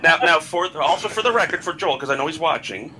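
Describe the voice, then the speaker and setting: A man who is a guest on a casual podcast and talks haltingly, repeating his words. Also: a little high, lively intonation, over a noisy crowd, low-quality recording.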